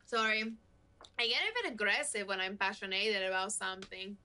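A woman's voice: medium pitch, bright, forceful tone, clean tone. An actress playing a playful young woman from Granada with a Spanish accent, teasing her video date. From Granada, Spain. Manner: teasing, playful, laughs often. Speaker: date in a video dating game.

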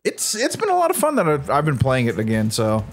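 A man co-hosting a couch gaming session, excitable and quick to laugh. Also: gravelly, a little hiss or hum. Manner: excitable, laughs a lot, yelps high. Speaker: let's play co-host. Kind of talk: casual gaming banter. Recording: game music behind.

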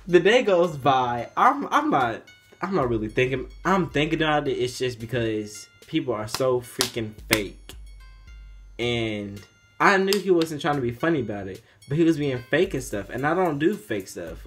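A young man telling a casual storytime vlog, slangy and animated, acting out what people said. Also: mid-range voice. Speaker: vlogger.

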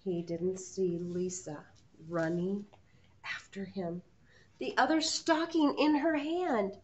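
A preschool teacher reading a storybook aloud to children, asking them questions along the way. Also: female voice, medium pitch, slow pace. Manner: expressive, asks the children questions. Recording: muffled lo-fi sound.

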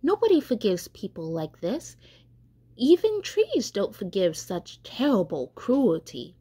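A woman's voice: mid-range voice, very animated, a little slow, mellow, slightly rough. A woman voicing a proud young male tree, anxious and pleading as he wonders aloud in a storybook. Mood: agitated.

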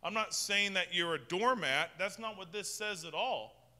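A man delivering a casual, conversational sermon in a church. His voice sits high and sounds piercingly bright, and he stumbles into frequent restarts. The sound carries a long reverberant tail from the hall. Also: unhurried. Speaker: pastor.

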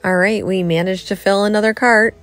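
A middle-aged woman chatting excitedly to viewers as she shops a thrift store, filming on a handheld phone. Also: mid-range voice, brisk, soft background music. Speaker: vlogger. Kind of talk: casual thrift-store vlog chat.

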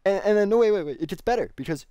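A man's voice: high-pitched, expressive, rapid-fire, warm tone, clear, resonant tone, dry recording. A man doing casual gameplay commentary as a gaming YouTuber, rambling and ranting with plenty of profanity.

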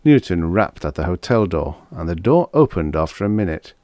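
A man narrating a vintage science fiction story in an even, measured reading. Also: low voice, no echo, clean studio sound. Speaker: audiobook narrator. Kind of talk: scripted narration.

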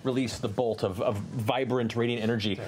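A man's voice: mid-range voice, fairly even intonation, a little fast, darkish tone, faint music behind. A man narrating as game master of a tabletop game, describing scenes vividly.

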